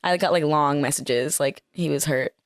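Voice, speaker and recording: A woman's voice: deep voice, normal speed, no echo, studio quality. A young woman co-hosting a podcast, chatting candidly and filling her talk with "like". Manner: candid, frequent "like" fillers. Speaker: podcast co-host. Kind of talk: casual chat.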